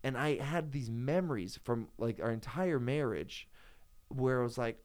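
A man's voice: medium pitch, lively intonation, normal speed, darkish tone. A man talking casually and at length, rambling with many fillers and restarts as he tells a personal story. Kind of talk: casual chat.

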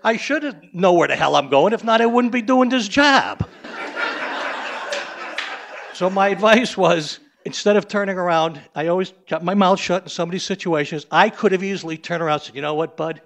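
A man's voice: high voice, expressive, normal speed, fairly bright tone. A man in his sixties, a limousine driver, telling a salty, blunt story live on stage.

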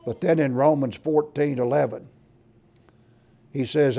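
A man's voice: mid-range voice, fairly even intonation, normal speed. A man preaching a sermon, reading scripture aloud and pressing his points with emphasis. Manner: emphatic, rising loud on scripture and lists.

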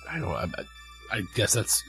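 A man's voice: fast, fairly bright tone, faint music behind. A man narrating as game master of a tabletop horror game, loose and rambling, with many fillers.

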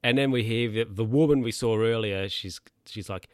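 Low-voiced guy rambling through a recap, lots of ums, dry close mic. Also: normal speed, no echo. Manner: rambling, hesitant with many fillers. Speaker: podcast recapper. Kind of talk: casual episode recap. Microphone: handheld or desk mic, bumped by hand.

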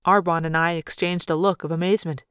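A woman's voice: lowish voice, fairly even intonation, fast, a bit bright, clean tone, dry recording, clean studio sound. A woman reading a novel aloud, with a small change of voice for each character's lines. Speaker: audiobook reader. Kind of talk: fan read-aloud of a novel.

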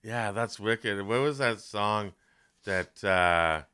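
A man chats on a podcast, asking his friends for stories and humming bits of old songs. His voice is smooth and resonant at a middle pitch. The sound is close and dry. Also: slow, pushed and bright, no room sound. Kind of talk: casual chat.

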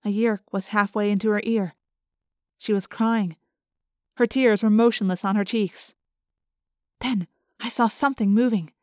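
A woman narrating an audiobook in the first person, vivid and expressive. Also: medium pitch, a little slow, long pauses, no room sound, clean studio sound.

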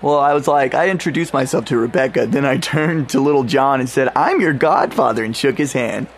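A man's voice: mid-range voice, fairly quick, slight background noise. A man playing a character in a tabletop role-playing game, with a playful, cheeky manner. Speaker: player.

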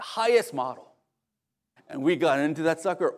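A male pastor preaching a sermon in an animated, conversational storytelling manner with humorous asides. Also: fairly high pitch, a little fast.

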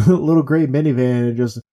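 A young man chatting casually, telling a story with lively acted-out quotes. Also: mid-range voice, moderate pace. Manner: animated storyteller acting out quotes. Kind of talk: casual chat.

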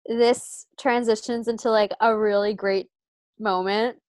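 A woman guest on a podcast, recapping a TV episode in casual chat with animated storytelling. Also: on the high side, unhurried, no room sound, studio quality.

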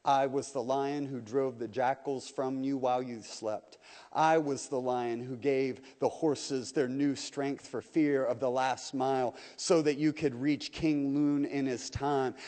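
A man voicing a deep, hushed old lion. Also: steady tone, natural voice. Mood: solemn. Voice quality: deep, quiet and low. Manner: slow, hushed, solemn. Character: huge ancient male lion, calm and gentle. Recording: long reverb of a church hall.

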